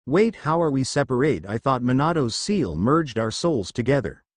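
Guy reading a hot-headed young ninja guy, defiant and mouthy, storybook style, lively voice. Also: mid-range voice, normal speed, no room sound, studio quality. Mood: plain. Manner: defiant, taunting.

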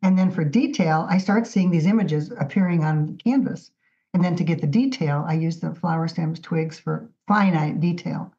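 Lady telling her story all excited, kinda low voice, muffled audio. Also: moderate pace. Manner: animated, chatty storyteller. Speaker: guest artist. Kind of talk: casual storytelling interview. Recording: dull lo-fi audio.

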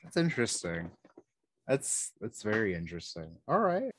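A man's voice: on the low side, wildly swooping pitch, normal speed, a bit bright, dry recording, clean studio sound. A man hosting an interview podcast, talking loosely with lots of fillers. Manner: loose, filler-heavy, laid-back. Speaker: podcast host. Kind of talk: casual interview chat.

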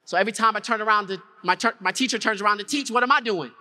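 A man delivers a motivational keynote at a conference with a very high, bright, forceful voice. He tells his story with animation, acting out scenes and throwing questions back at the audience. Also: rapid-fire, few pauses. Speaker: keynote speaker. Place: conference hall before an audience.

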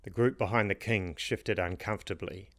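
Low-voiced man reading a fantasy story. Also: moderate pace, a bit bright, no echo, studio quality. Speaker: narrator of his own fantasy book. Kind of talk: storybook narration.

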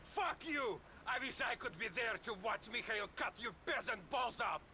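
An actor playing a contemptuous Russian gangster in a video game, speaking with a Russian accent and a mocking, swaggering manner. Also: male voice, extremely high pitch, expressive, normal speed, sharp tone, a little hiss or hum, exaggerated voice. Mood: furious. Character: sneering Russian male gangster boss. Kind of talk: video game cutscene acting.

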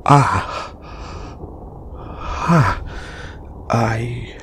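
A man doing a slow, halting lamia flatmate. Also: mid-range voice, slight background noise. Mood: flustered, apologetic. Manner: stammering, halting. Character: male lamia flatmate, snake-man, moody and contrite. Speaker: voice actor. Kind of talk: audio roleplay.

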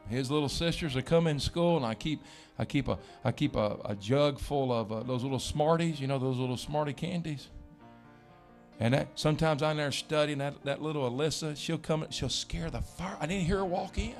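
A man's voice: on the high side, brisk, soft background music. A male pastor, preaching a sermon in a church with folksy storytelling. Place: church sanctuary.

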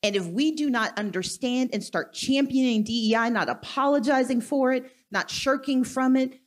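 Woman speaking with rallying conviction. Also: high voice. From Mississippi, US. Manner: forceful, rallying, deliberate. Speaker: guest speaker. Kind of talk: live onstage conversation.

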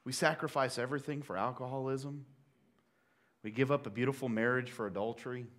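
A man preaching a sermon as pastor, telling a story with lively swings from loud acted-out quotes to quiet, hushed asides. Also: mid-range voice, fairly quick. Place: church sanctuary.

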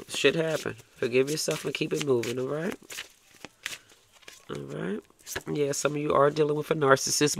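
A man's voice: medium pitch, gravelly, slight background noise. A man giving a tarot reading, blunt and coaxing, swearing freely and ending lines with "okay?". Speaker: tarot reader.

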